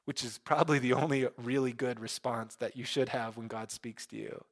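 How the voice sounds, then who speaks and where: A middle-aged man preaching a conversational sermon, with joking asides and animated emphasis. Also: medium pitch, normal speed. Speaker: pastor.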